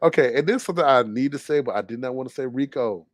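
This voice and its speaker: A man's voice: medium pitch, rapid-fire, no echo. A young man talks through gossip in a casual, sassy commentary, laughing at his own jabs. His voice sits in the middle range. The sound is dry and close. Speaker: commentary vlogger.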